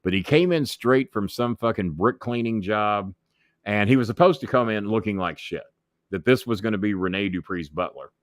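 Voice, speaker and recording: Middle-aged man, low voice, dry close sound; raunchy storyteller who swears freely and does voices for the people in his tales. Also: moderate pace, dry recording. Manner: swears freely, acts out others' voices, laughs mid-story. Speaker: wrestling manager and commentator guest. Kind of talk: profane storytelling in an interview.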